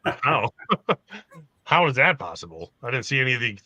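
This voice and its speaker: A man's voice: mid-range voice, very animated, moderate pace, pushed and bright, no echo. A man hosting a casual livestream about collecting films, laughing often and reading viewer comments. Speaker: host of a film collectors' show.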